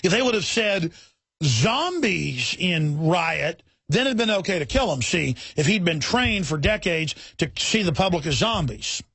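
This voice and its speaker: A man with a high-pitched voice hosts a heated talk radio show. He talks forcefully and indignantly, piling up repeated words and quick restarts. The sound is close and dry. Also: animated, breathy edge, dry recording.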